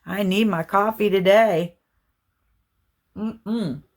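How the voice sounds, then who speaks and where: A middle-aged woman, hosting a craft channel in casual, rambling chat with her viewers. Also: medium pitch. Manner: rambling, chatty, talks fast and apologizes for it.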